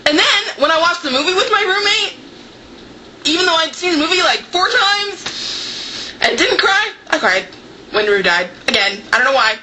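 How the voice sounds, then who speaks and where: A woman's voice: very high-pitched, sing-song, moderate pace, background noise. A young woman chatting casually to her camera about books, talking loosely with lots of "like" fillers. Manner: chatty, heavy use of "like" fillers. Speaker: book vlogger. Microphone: camera microphone.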